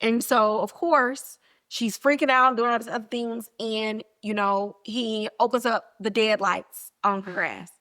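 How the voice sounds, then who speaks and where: A woman's voice: on the high side, a little slow. A woman hosting a podcast, giving a casual recap of a TV episode and playfully acting out quotes from the scenes. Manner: animated, acts out quotes with playful put-on voices. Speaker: podcast host.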